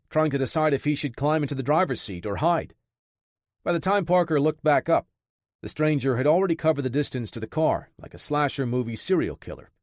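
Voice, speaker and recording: In a steady, measured storytelling manner, a man with a mid-range voice narrates a thriller audiobook. The recording is clean studio sound with no room sound.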